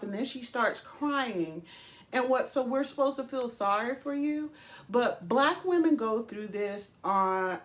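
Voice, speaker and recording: Slow, emphatic woman vlogger. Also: fairly high pitch. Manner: emphatic, profane, with frequent pauses and fillers. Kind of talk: casual opinion commentary.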